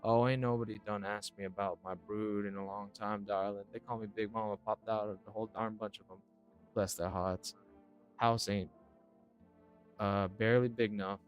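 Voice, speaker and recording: A man's voice: lowish voice, level tone, moderate pace, dull audio, soft background music, natural voice. A man voicing a folksy, nosy southern matriarch in a game with a put-on American Southern drawl. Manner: drawling, syrupy, calls people darling.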